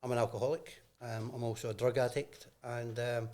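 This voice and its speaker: A man's voice: mid-range voice, flat delivery, a little fast, warm tone. A middle-aged man with a Scottish accent, chatting as an interview guest in a good-humoured, easygoing way. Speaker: wedding celebrant guest. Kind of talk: casual interview chat.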